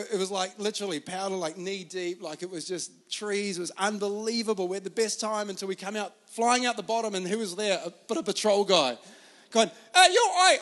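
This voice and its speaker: A man's voice: high-pitched, fairly bright tone. A man with an Australian accent preaching a sermon, telling stories in a casual, chatty way. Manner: casual, storytelling, lots of fillers. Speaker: pastor. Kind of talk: sermon with storytelling.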